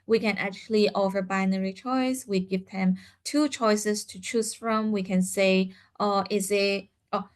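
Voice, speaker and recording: A woman leads a seminar for parents. Her voice sits at an average pitch, and she explains each step slowly with frequent "uh" fillers. Now and then she acts out the lines of a parent or a child.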